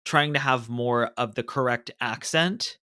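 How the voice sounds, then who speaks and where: An eager, detail-focused man co-hosting a podcast in casual chat. His voice is bright and forceful, with a crisp, smooth clarity. The sound is dry. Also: medium pitch, a little slow, no echo. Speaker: podcast co-host.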